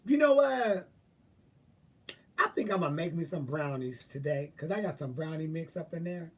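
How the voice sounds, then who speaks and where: A man's voice: a little high, a little fast, slightly rough. Chatty man rambling, a little distant. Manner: chatty, profane, animated, thinking aloud. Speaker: vlogger. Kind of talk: casual rambling monologue.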